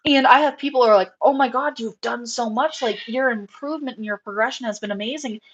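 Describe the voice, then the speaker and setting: A young adult woman chatting casually on a live show, rambling and animated, with plenty of fillers and acted-out quotes. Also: a little high, quick pace, lo-fi sound. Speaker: rabbit breeder on a live show. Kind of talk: casual chat.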